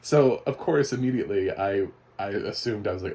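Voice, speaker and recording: A man's voice: fairly low pitch, a little fast, mellow. A man giving a casual, chatty spoken movie review, often laughing. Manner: chatty, laughing, mock voices for quotes.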